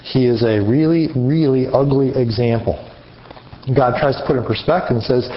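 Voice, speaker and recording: A man preaching an interactive sermon, animated and questioning his audience. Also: medium pitch, fairly quick. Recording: muffled lo-fi recording.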